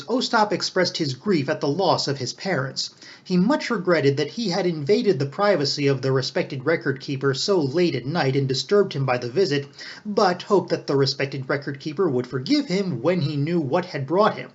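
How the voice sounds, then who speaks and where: A man reading an audiobook in a measured, even storytelling manner. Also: on the high side, husky. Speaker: audiobook reader. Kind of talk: scripted narration. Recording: dull lo-fi recording.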